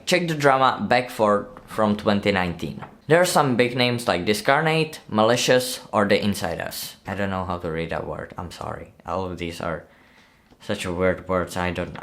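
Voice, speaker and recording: A man's voice: medium pitch, fairly bright tone. A man narrating a movie breakdown video in a casual, chatty way, often asking viewers to comment and laughing at his own slips.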